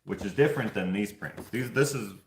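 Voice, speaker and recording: A man's voice: fairly low pitch, brisk, creaky, reverberant, a little hiss or hum. A man hosting a vlog giveaway, chatting in a loose, rambling way and chuckling often. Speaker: vlog host running a giveaway. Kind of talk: casual chat.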